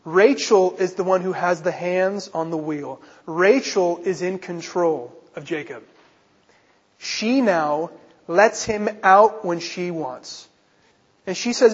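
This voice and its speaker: A man's voice: high voice, slow pace, slightly rough. A man preaching a sermon as pastor, earnest and driving his points home with rhetorical questions, in a church. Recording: reverberant hall, muffled sound.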